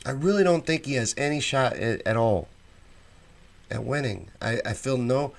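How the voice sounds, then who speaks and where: A man hosting a casual live stream, reading viewer comments aloud and answering each one with his own opinions. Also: on the low side. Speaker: show host reading live chat.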